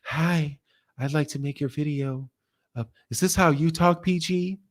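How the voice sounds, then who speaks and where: A man putting on a hushed, timid voice to mock a soft-spoken viewer. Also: on the high side, unhurried, natural voice. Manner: mocking, hushed.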